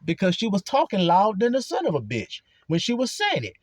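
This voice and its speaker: A man's voice: high-pitched, wildly swooping pitch, a little fast, no echo. A man preaching a blunt, profane religious monologue with heavy cursing. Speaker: religious speaker.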